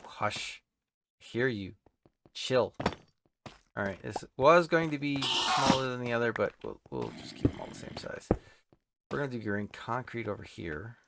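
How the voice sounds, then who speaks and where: A man's voice: mid-range voice, gravelly. A man giving casual, rambling commentary while playing a building game, chatting to the creatures on screen. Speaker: game streamer. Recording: loud background noise.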